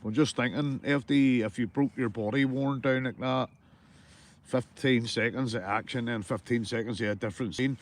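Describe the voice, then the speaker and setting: Chatty Northern Irish angler on a live stream. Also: male voice, medium pitch, fairly even intonation, normal speed. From Northern Ireland. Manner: chatty, greets chat by name, calls everyone mate. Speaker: livestreaming angler. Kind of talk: casual live-stream chat with viewers. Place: small fishing tent outdoors by water. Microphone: phone or camera on a live stream.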